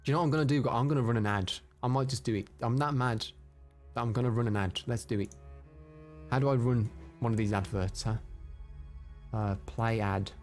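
A man giving live commentary over his own gameplay, excitable and prone to loud frustrated outbursts, chatting with his viewers between rounds. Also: mid-range voice, brisk, faint music behind. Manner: chats to viewers and reads out their comments. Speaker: live streamer.

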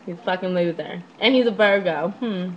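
A young woman telling a story casually to her webcam at home, brash, profane and animated as she gossips. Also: lowish voice, normal speed, lo-fi sound, a little hiss or hum. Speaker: vlogger.

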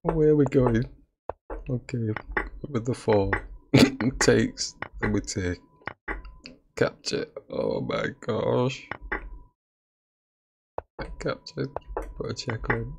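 A man's voice: medium pitch, drawn-out words, vocal fry, pauses often, background noise. A man giving casual commentary on his own chess game, laughing at his own blunders. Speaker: chess streamer.

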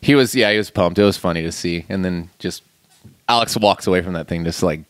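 A man's voice: deep voice, brisk, no echo. A man co-hosting a podcast, chatting casually and laid-back, often acting out what others said. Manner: laid-back, quotes friends in animated voices. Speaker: podcast co-host. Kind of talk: casual chat. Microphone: studio mic with headphones.

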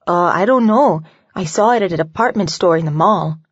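A woman's voice: lowish voice, a little fast, slightly rough, no room sound, highs cut off. A woman narrator voicing a polite, nervous young woman who speaks carefully.

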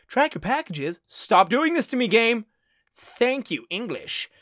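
Excitable man doing goofy game commentary. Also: extremely high pitch, measured pace, dry recording, studio quality. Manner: excitable, goofy exclamations and silly noises. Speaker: gaming channel host. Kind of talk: let's play commentary.

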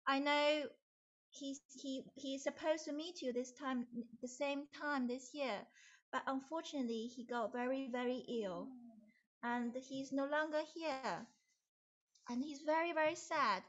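A woman voicing a kindly dinosaur puppet villager, speaking slowly, gently and apologetically. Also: high voice, dull audio. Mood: sorrowful.

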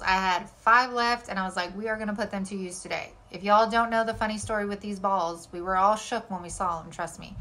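A woman's voice: mid-range voice, fairly even intonation, fairly quick, hardly any pauses, pushed and bright. A young woman, chattily narrating her craft projects as a channel host, with lots of filler words. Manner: chatty and enthusiastic, with many "like" fillers. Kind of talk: casual voice-over narration of craft steps.

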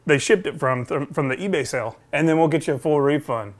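A man's voice: fairly high pitch, fast talker, close to an everyday voice. A man putting on a cheery New York customer service guy. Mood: friendly. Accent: attempted New York. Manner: upbeat, eager to help. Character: friendly, apologetic male customer service rep.

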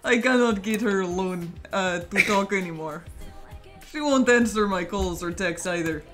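A woman's voice: mid-range voice, moderate pace, faint music behind, lightly acted. A woman voicing a heartbroken male student in a stiff, put-on Russian accent for a video game. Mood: glum. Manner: stiff, formal mock-Russian delivery.

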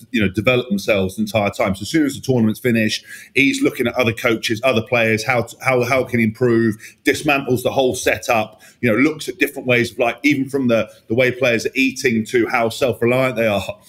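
A man's voice: mid-range voice, steady tone, brisk, a bit bright, slightly rough. A man in his thirties co-hosting a casual sports podcast, rambling through sweary anecdotes. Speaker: podcast co-host.

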